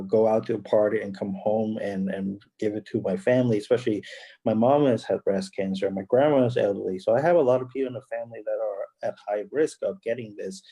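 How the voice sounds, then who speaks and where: A man speaking earnestly as a guest in a casual panel discussion, halting and restarting now and then. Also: on the low side, warm tone, breathy edge, highs cut off.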